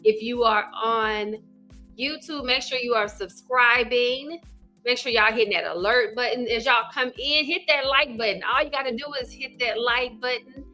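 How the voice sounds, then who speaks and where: A chatty, energetic woman from Arkansas hosts a casual livestream as a love coach. Her Southern voice is bright and on the high side, and she greets viewers by name, saying "y'all" and "child."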